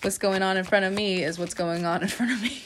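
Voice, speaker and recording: Young woman doing a chill tarot reading podcast, laughs a lot, lots of "like", mid-pitched voice. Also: a little fast, background noise. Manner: laughs often, loose filler-heavy talk. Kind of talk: casual chatty tarot reading.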